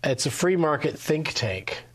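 A man hosts a relaxed podcast conversation, his voice sitting slightly high. He speaks casually and loosely, padding his sentences with ums and uhs. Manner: relaxed, drawn-out filler-heavy delivery. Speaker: podcast host. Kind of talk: casual chat.

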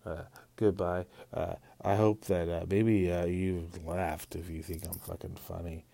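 Male podcast host, deep gravelly voice, unhurried, rambling, swears casually, deadpan self-mocking humor. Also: dry recording. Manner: rambling, halting, profane. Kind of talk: casual solo podcast monologue.

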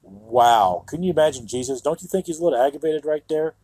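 Fairly quick and expressive, his voice sits on the high side, warm in tone and slightly rough, with no echo. He hosts a Christian radio show as a Bible teacher, reading scripture and giving earnest, emphatic sermon commentary full of "you know."

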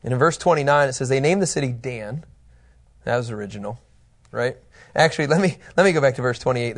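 A man's voice: mid-range voice, brisk. A man teaching a Bible lesson in a casual, joking way, laughing often.

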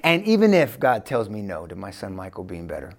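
A man's voice: huge pitch swings, brisk, gravelly. Fervent man giving faith testimony. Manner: fervent, swings between loud bursts and hushed low tones. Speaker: guest.

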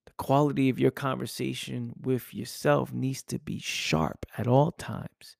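Gravelly man giving a motivational talk. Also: medium pitch, little pitch movement, measured pace, dry recording, studio quality. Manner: intense, preachy, rhetorical questions. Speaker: podcast host. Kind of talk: motivational monologue.

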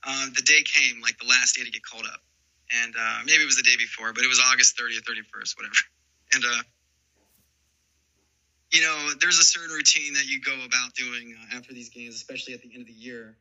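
A man in his forties, a former baseball player, telling rambling, animated stories in a casual interview. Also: medium pitch, a little fast, lo-fi sound. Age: 40s. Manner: rambling, animated storytelling full of "dude" and "man".

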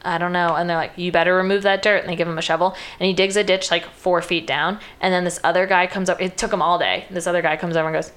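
A woman's voice: fairly low pitch, level tone, quick pace, hardly any pauses, a bit bright. A woman casually retelling a film's plot, peppering her speech with "like" and briefly acting out the characters' lines. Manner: chatty, uses lots of "like", acts out quoted lines.

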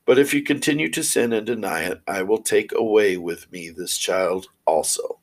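A man voicing the Virgin Mary in a fairy tale, speaking solemnly and slowly. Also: on the low side, gravelly. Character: stern holy woman, the Virgin Mary.

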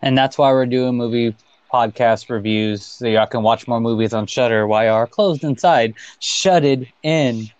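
A man co-hosting a casual podcast, cracking crude jokes. His voice sits in an average middle pitch. The recording is dry and slightly lo-fi. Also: moderate pace, darkish tone, clean tone, dry recording. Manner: joking, crude banter. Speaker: podcast co-host. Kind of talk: casual chat.

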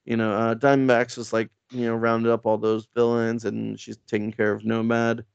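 A man's voice: mid-range voice, flat delivery, normal speed, vocal fry, clean tone, no echo, lo-fi sound. A man casually recapping a comic book in a rambling, profane, laid-back way, with frequent fillers. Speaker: comic book podcast co-host.

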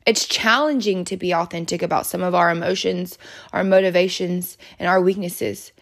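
A woman's voice: lowish voice, steady tone, moderate pace, creaky. A woman hosting a self-help podcast, earnestly encouraging the listener and reading passages aloud from a book. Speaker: podcast host.

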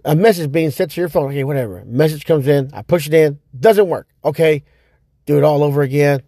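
A man hosting his own podcast, telling a story in a loose, rambling way, with many fillers and repeats, and loudly acting out his own reactions. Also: on the high side, fairly quick, dry recording, studio quality. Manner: animated, acts out his own past reactions with sudden loud outbursts. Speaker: podcast host. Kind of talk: casual storytelling monologue.

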